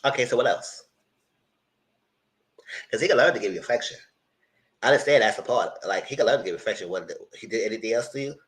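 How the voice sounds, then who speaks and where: A man's voice: on the low side, fast, pauses often, rough recording. A man giving a casual, opinionated live recap of a reality show episode. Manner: animated, opinionated, talks straight to people. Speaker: TV show reviewer.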